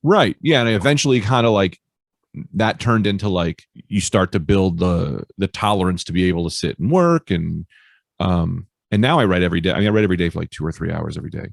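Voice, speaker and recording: A male stand-up comedian telling stories in a casual interview, animated and swearing freely. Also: low voice, fast, gravelly, no echo, clean studio sound. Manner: animated storyteller, swears freely, acts out quoted voices. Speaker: stand-up comedian, podcast guest.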